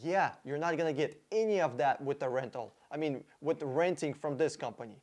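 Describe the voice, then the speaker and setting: A man's voice: on the high side, a little fast, darkish tone. Sarcastic profane man reacting. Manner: profane, mocking, mock-emotional. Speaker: car video host reacting to an interview clip.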